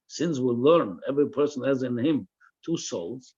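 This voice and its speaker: A Torah teacher with a medium-pitched, mellow, husky voice speaks expressively at a moderate pace on lo-fi audio. He reads a religious text phrase by phrase and translates each line, often repeating words while he searches for the right translation.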